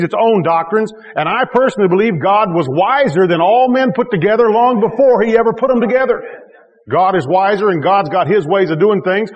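High-voiced preaching man in reverberant church. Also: lo-fi sound. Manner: emphatic, repeats key phrases with rising intensity; joking asides to the congregation. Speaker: pastor. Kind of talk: sermon.

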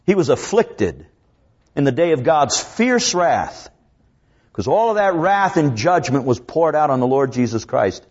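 Guy preaching a sermon, kinda high voice, stretches out the bible verses, muffled lo-fi sound. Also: very animated. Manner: preaching with dramatic rises and drops; slows down to draw out scripture quotes. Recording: dull lo-fi recording.

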